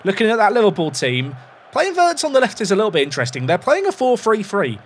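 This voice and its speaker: A man's voice: high-pitched, huge pitch swings, fast talker, slight background noise. Chatty man commentating his game. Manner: chatty, analytical, self-deprecating. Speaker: gaming YouTuber.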